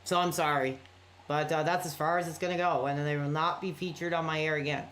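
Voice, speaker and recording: A man's voice: a little high, steady tone, fast, fairly bright tone, slight background noise. A man chatting casually on a late-night live stream, rambling and apologetic as he reacts to viewer messages.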